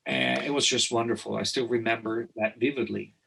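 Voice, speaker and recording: Animated man, bright voice. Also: medium pitch, a little fast, gravelly, breathy edge, rough recording. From Italy. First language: Italian. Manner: animated, repeats words and restarts often. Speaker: guest, company founder. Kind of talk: casual interview storytelling.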